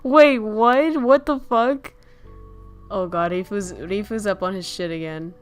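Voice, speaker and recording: A woman's voice: mid-range voice, a little slow, clear, resonant tone, soft background music. A woman hosting a casual chat stream, joking and rambling, laughing often and swearing casually. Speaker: streamer host.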